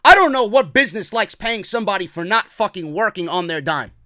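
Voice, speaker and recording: A man with a very high, animated voice delivers a profane wrestling rant, often breaking into shouts. His tone is bright and sharp. The sound is dry and close to the mic. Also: brisk, dry recording. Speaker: wrestling commentary host. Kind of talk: ranting commentary.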